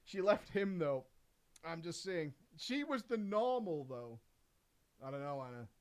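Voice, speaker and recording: A man with a northern English accent hosting a casual live stream, exclamatory and quick to laugh. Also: on the high side. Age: adult. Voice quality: animated, exclamatory, laughs often. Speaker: streamer host.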